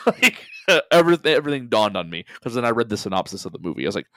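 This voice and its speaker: A man co-hosting a movie podcast, telling stories in an animated way and laughing often. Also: medium pitch, rapid-fire, no echo, clean studio sound. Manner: animated storyteller, laughs a lot. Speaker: podcast co-host. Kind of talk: casual movie podcast chat.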